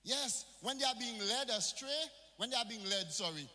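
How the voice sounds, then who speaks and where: A man's voice: very high-pitched, animated, moderate pace, pushed and bright. A male pastor preaching a sermon in a church, with call-and-response and phrases mixed in. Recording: reverberant church hall.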